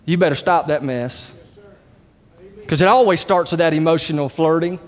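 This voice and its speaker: A man's voice: fairly high pitch, moderate pace, in a large hall. A man preaching a sermon as pastor, emphatic with folksy asides. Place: church sanctuary.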